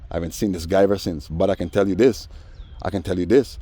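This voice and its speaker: A man telling a story in a casual monologue, animated and acting out the voices of others. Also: low-pitched, fast. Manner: animated, acts out voices in quoted dialogue. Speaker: vlogger.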